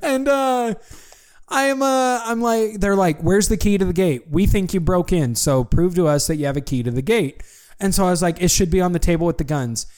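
A young man casually telling a long story to a friend, animated and full of fillers. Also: high-pitched, normal speed, clean tone. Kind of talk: casual chat.

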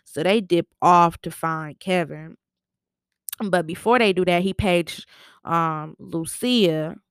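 A woman's voice: lowish voice, slow pace, smooth, no room sound, clean studio sound. Chatty woman recapping a TV episode. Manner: colloquial, chatty storytelling with slang and fillers.

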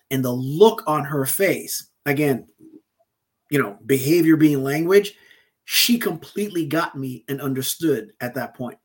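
Husky-voiced man telling a story. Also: a little high, moderate pace. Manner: animated, acts out quoted dialogue. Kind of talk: conversational storytelling.

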